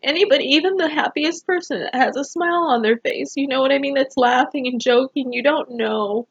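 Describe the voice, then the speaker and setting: A high-pitched woman speaks fairly quickly over dull-sounding audio. It's a personal talk to camera about family and people, rambling and emotional, packed with fillers like "you know."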